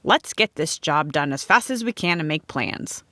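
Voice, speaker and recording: A woman voicing a brisk, teasing, practical friend who loves sharing news. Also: low-pitched, animated, sharp tone, no room sound, voice pushed down.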